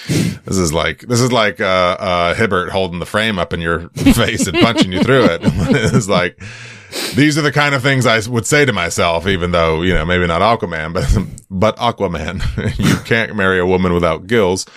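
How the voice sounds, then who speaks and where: A man with a very low voice co-hosts a podcast, talking in a loose, rambling way full of "um" and "you know." The sound is close and dry, with no room around it. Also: lively intonation, normal speed, fairly bright tone, dry recording. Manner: rambling, hesitant with many fillers. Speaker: podcast co-host. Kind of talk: casual chat. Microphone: podcast microphone.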